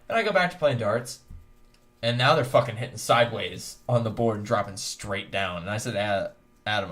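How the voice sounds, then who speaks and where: A man's voice: medium pitch, lively intonation, moderate pace, fairly bright tone. A man co-hosting a casual podcast with friends, telling a rambling, profane story and laughing often. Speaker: podcast co-host.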